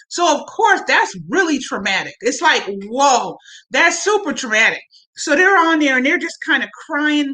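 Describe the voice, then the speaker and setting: Chatty bright-voiced woman. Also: a little high, rough recording. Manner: chatty, animated retelling with asides to viewers. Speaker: show reviewer. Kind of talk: casual recap chat to camera.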